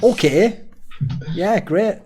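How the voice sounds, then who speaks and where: A man's voice: high voice, drawn-out words, faint music behind. A man hosting a casual esports round-table discussion, telling stories with boastful, swearing banter. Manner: animated storytelling with quoted voices.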